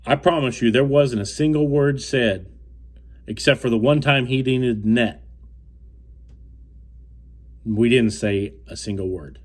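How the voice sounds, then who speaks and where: A young man from the United States tells a fishing story in a casual, rambling way. He restarts and repeats himself often, and his tone stays firm and indignant, at an ordinary mid pitch. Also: a little slow, pauses often, darkish tone. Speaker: fishing co-angler telling a story.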